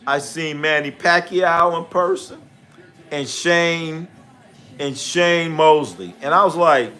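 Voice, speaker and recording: A man's voice: on the high side, slow pace. A man hosting a live sports stream, chatting casually and profanely, telling stories and reading out chat names. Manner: animated when acting out stories. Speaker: livestream sports host. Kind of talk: casual live commentary and storytelling.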